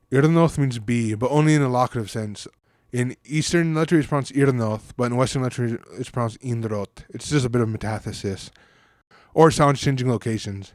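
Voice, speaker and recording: A language hobbyist compares and explains word pronunciations in a medium-pitched male voice, recorded cleanly in a studio with no room sound. He's casual and thinks aloud, sometimes stopping and restarting to reconsider.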